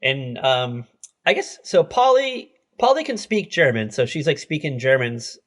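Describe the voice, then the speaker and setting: A man's voice: mid-range voice, very animated, measured pace. A man co-hosting a podcast, casually recapping a TV episode, laughing often and swearing freely. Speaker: podcast co-host.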